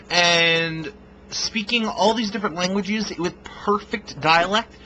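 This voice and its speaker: A man reviews a film in a casual, rambling way, swearing freely and stumbling over fillers. His voice sits a little high and sounds bright and forward. A faint hiss of background noise runs under the recording. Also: expressive, unhurried, rough recording. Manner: blunt, profane, rambling with fillers.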